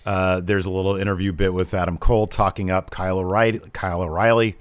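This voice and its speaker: A man's voice: deep voice, level tone, quick pace, clear, resonant tone, dry recording. A man co-hosting a wrestling podcast, chatting casually, laughing easily and drifting into asides. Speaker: podcast co-host. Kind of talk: casual wrestling review chat.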